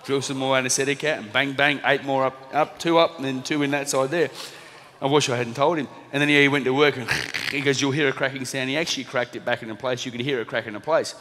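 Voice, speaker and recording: A man in his thirties with an Australian accent, telling a lively anecdote to a live audience and acting out the lines of the people in it. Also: medium pitch, fast talker, slight background noise. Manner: lively storytelling, acting out quoted lines, laughing at himself. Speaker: motivational speaker, former boxer. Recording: reverberant hall.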